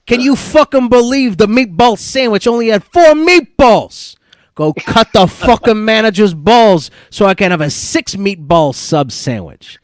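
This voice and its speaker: A man's voice: a little high, sing-song, normal speed, few pauses, a bit bright, no room sound, clean studio sound. A man putting on a brash Italian-American mobster. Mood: mock-tough. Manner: exaggerated Italian-American accent. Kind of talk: comedic impression.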